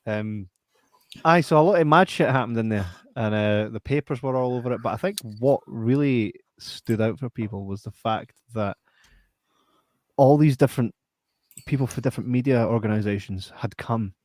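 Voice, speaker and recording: A man's voice: mid-range voice, normal speed, a little mellow, no room sound. Scottish male podcast host, casual and sweary, plain middle voice, dry sound. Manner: blunt, sweary, chatty. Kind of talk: casual chat.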